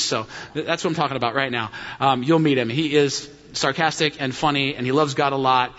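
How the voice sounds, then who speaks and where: A middle-aged man preaching a sermon as pastor, telling a story with animated jokes. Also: high-pitched. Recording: dull sound in a hall with long reverb.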